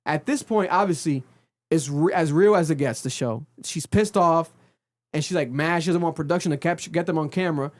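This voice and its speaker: A man co-hosting a podcast, recapping a reality show in casual chat and acting out quotes with sudden pitch jumps. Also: brisk. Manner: animated storytelling, acts out quotes with big pitch jumps. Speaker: podcast co-host. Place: podcast studio.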